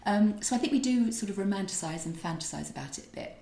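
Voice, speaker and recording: A woman's voice: mid-range voice, animated, fast, gravelly. A middle-aged woman talks in an easy, rambling storytelling way. She often doubles back and restarts. Her voice carries the echo of a roomy kitchen. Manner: chatty, warm storytelling with restarts. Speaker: podcast co-host and author. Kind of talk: casual chat.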